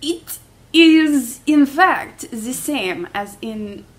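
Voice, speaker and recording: A woman's voice: high-pitched, lively intonation, voice pushed up, full character voice. A woman reading the part of a flustered male airline captain in a casual script read-through, hesitant and fumbling as he spins a tall tale. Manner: hesitant, fumbling, then rushing.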